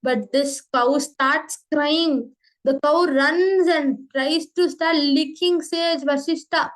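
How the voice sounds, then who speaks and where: A woman storyteller telling a religious legend in a simple, earnest and slightly halting way. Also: sits high, low-quality recording.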